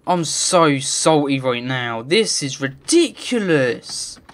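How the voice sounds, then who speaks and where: A man's voice: medium pitch, sing-song, takes it slowly. A man giving let's play commentary, muttering to himself and swearing in frustrated rants. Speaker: gamer.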